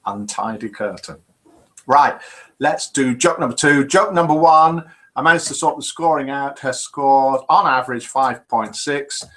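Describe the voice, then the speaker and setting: A man's voice: mid-range voice, a little slow. A man with a British accent hosting a live web show from a small room, chatting casually and reading out viewers' names. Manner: chatty, relaxed, reads out viewers' names and comments. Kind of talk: casual live-stream presenting. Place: small home studio room. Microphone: webcam live broadcast.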